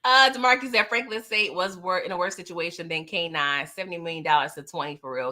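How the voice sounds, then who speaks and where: A woman giving a casual recap of a TV episode, animated and chatty, talking straight to her viewers. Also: fairly low pitch, fast talker, few pauses. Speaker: TV recap vlogger.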